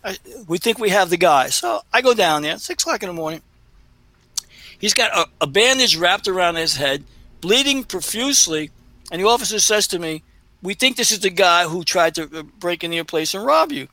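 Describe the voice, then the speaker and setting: A man's voice: sits high, lively intonation, normal speed, pushed and bright, no echo, poor audio. A man co-hosting a casual chat show, telling a long rambling story with laughs and many fillers. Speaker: co-host.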